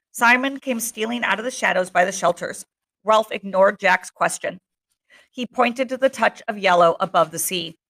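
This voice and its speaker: A woman reading a novel aloud chapter by chapter, narrating steadily and pausing for short asides. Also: mid-range voice, fairly bright tone. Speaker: reader.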